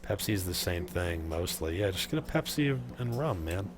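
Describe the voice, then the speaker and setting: A man's voice: sits low, animated, moderate pace, noisy background. A man doing casual let's play commentary, sarcastic and profane, talking with his chat while he plays. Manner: profane, sarcastic, chatting with viewers. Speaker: streamer playing a game.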